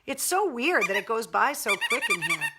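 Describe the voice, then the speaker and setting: A woman's voice: high-pitched, huge pitch swings, moderate pace, background noise. A woman hosting a casual livestream, chatting candidly and swearing cheerfully as she answers viewer comments. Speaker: livestream host. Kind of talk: casual live chat reading viewer comments.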